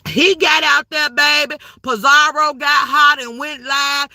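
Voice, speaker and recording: A woman's voice: high voice, fairly even intonation, unhurried, sharp tone, no room sound, studio quality. A woman hosting a livestream, giving casual, profane gossip commentary to her chat with frequent laughs. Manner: brash and profane, laughing often, calling the chat "baby". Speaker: livestream host.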